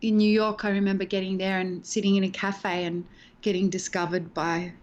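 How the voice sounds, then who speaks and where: Animated storytelling woman. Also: medium pitch, a little fast, dull audio. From Australia. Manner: animated storyteller, acts out quoted voices. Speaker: actress interviewed as guest. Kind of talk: casual chat, storytelling. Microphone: video call.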